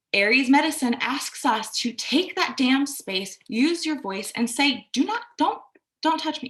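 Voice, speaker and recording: A woman's voice: fairly high pitch, fairly bright tone. A young adult woman giving a reflective, casual self-care talk, candid and conversational, who swears now and then and acts out quoted voices. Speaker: astrology and self-care podcaster.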